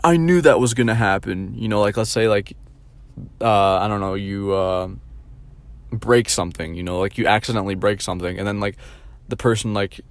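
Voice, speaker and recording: A man ranting casually, with profanity and many fillers like "like" and "you know", and mocking others in a higher voice. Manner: mocking high-pitched imitations of others.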